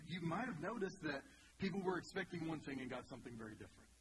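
A man's voice: a little high, animated, fast. A middle-aged man hosting a video reaction, chatting enthusiastically and drifting into a preachy tone. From United States. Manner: enthusiastic, churchy call-and-response. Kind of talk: casual commentary turning preachy. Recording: loud background noise.

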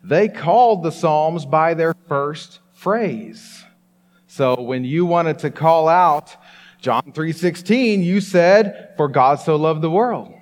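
Animated preacher in a reverberant hall. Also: male voice, a little high, slow. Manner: animated, emphatic preaching to a congregation. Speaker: pastor. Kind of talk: sermon. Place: church hall with congregation.

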